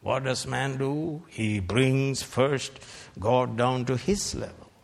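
A man preaching a fiery sermon, slow and emphatic, climbing to shouted peaks. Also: mid-range voice, gravelly. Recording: long reverb of a large hall.

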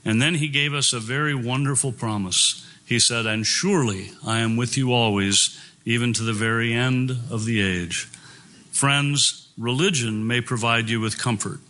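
A man delivers a sermon with firm, earnest emphasis, quoting scripture and pressing his points home. His voice is bright and forceful, sitting at an ordinary male pitch. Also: moderate pace. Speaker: preacher.

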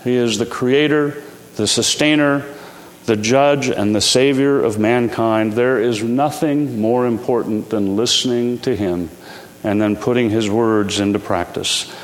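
A man preaching a sermon in a measured, earnest way, slowing down to stress key lines. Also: mid-range voice. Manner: measured, earnest preaching with slow emphatic endings. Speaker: pastor. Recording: long hall reverb.

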